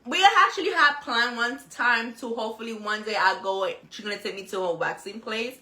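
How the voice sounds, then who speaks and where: A woman's voice: fairly high pitch, brisk, bright, forceful tone, reverberant. A woman with a Spanish accent co-hosting a casual chat, giggly and bawdy, switching between Spanish and English. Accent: Spanish-speaking. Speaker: co-host.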